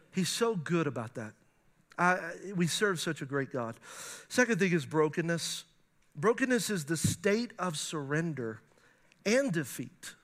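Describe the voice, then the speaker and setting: Animated high-voiced male pastor preaching. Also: moderate pace. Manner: animated preaching with playful asides and laughs. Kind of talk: sermon. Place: church before a congregation.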